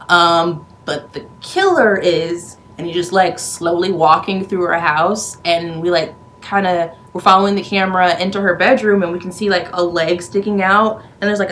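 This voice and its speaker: A woman's voice: medium pitch, a bit bright, slight background noise, rough recording. A woman recapping a movie in a casual vlog, rambling and profane, with sarcastic, exasperated asides. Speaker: movie reviewer.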